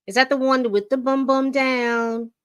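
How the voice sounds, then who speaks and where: A woman's voice: high voice, level tone, a little slow, clean tone, dry recording, clean studio sound. A middle-aged woman hosting a casual livestream, rambling and reading chat comments aloud. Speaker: livestream host.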